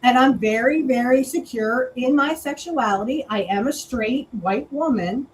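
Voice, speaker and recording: A woman's voice: high voice, measured pace, slight background noise, low-quality recording. A woman co-hosting a casual political chat show, talking bluntly and crudely. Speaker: co-host.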